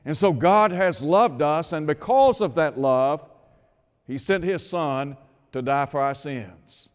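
A man's voice: on the high side, animated. Earnest preacher man in a reverberant hall. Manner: measured, earnest preaching with emphatic stresses. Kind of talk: sermon.

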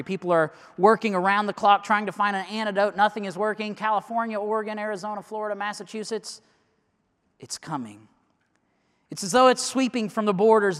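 A man telling a sermon illustration as a dramatic story, going from loud urgency to hushed near-whispers. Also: high-pitched. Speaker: preacher. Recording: long reverb of a large hall.

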